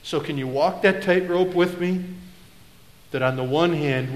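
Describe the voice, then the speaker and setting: Preacher man in a roomy church. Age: middle-aged. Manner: swings from loud declaring to low confiding asides. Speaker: pastor. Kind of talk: sermon. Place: church sanctuary.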